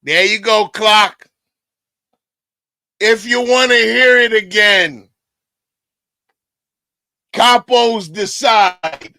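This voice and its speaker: A man hosting a livestream, loud and excitable, often shouting as he talks to his chat. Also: high voice, slow, long pauses, dry recording. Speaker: livestream host. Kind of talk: reacting to a clip for chat.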